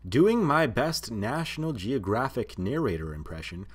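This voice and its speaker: A man's voice: medium pitch, sing-song, normal speed, slightly rough. A man hosting a casual science commentary video, chatty and jokey as he explains.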